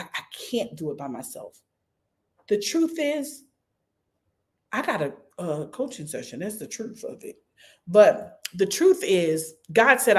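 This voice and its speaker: Animated Philly woman pastor on a livestream. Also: lowish voice. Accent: Philadelphia. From Philadelphia. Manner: animated, repetitive, calls viewers by name. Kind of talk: livestream preaching and fundraising talk.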